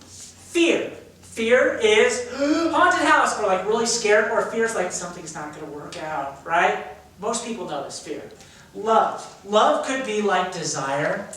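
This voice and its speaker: In a big echoey room, a drama teacher with a high, animated voice at normal speed and a fairly bright tone leads young actors through exercises, acting out emotions as he explains. A camera mic picks him up from across the room, so he sounds far off.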